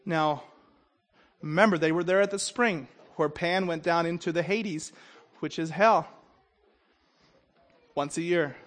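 A man preaching a sermon who stumbles and repeats the starts of words, keeps asking "okay?", and swings between loud emphatic bursts and quiet low asides. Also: a little slow, long pauses. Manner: stumbles and repeats opening sounds, checks in with "Okay?".

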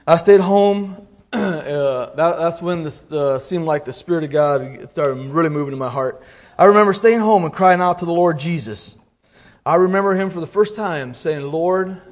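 A middle-aged man giving an informal sermon, halting and repeating words, clearing his throat often and reading scripture aloud in old-fashioned wording. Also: fairly high pitch. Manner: reads scripture aloud in King James wording. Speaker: lay preacher.

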